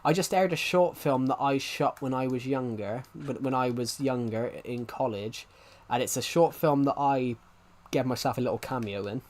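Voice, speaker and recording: A man's voice: mid-range voice, moderate pace, hardly any pauses, darkish tone. A young man in his twenties chatting casually on a live game stream, rambling and restarting his sentences as he talks. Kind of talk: casual live-stream chat while playing.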